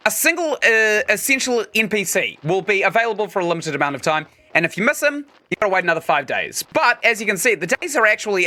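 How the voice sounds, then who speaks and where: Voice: mid-range voice, pushed and bright. A game streamer giving casual let's-play commentary, chatting and explaining mechanics while playing.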